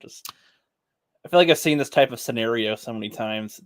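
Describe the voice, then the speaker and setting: A man's voice: mid-range voice, fairly quick, clean tone, dry recording, studio quality. A man co-hosting casually, speaking in a hesitant, unenthused way. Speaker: co-host. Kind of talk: casual chat.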